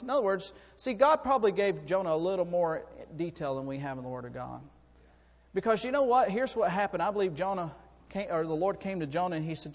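Impassioned high-voiced preacher in a hall. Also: male voice, brisk. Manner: swings from quiet to loud, impassioned preaching with repeated words. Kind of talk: sermon. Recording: long hall reverb.

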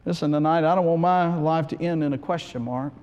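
A man preaching a sermon in a church, swinging from hushed to loud and often restarting his sentences. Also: on the high side, fairly quick, big-room sound, lo-fi sound. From United States. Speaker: pastor.

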